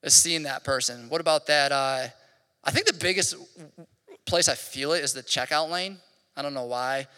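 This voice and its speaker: In a church hall with long reverb, a thirtysomething male pastor delivers a rambling, casual sermon packed with "like." His voice is a little high and smooth with a sharp tone, moving at a moderate pace.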